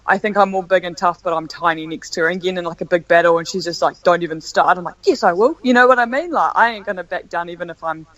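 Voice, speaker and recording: A woman with a New Zealand accent, a sports captain talking casually as a podcast guest, laid-back and quick to laugh. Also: on the low side, a bit bright, rough recording.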